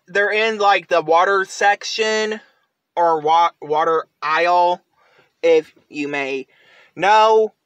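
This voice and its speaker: A man giving a casual product review, rambling and halting with frequent fillers. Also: high voice, bright, forceful tone, clean tone, no echo.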